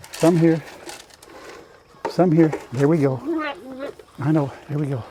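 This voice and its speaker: Folksy older farmer. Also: male voice, fairly high pitch, noisy background. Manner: folksy, talks to animals and viewers while doing chores. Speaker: farm vlogger. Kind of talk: casual farm vlog. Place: outdoors on a farm.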